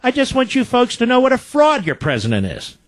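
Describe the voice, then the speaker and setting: High, animated combative talk radio man. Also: fairly quick, no echo. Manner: combative, sarcastic, emphatic. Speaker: radio talk show host.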